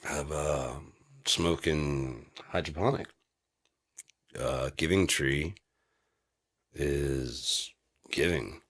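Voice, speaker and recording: A man with a very low voice rambles through a casual monologue, cursing freely and dissolving into laughter. He talks slowly and loosely, close to the mic. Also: a bit bright. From Michigan. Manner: loose, profane, breaks into laughter. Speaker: vlogger.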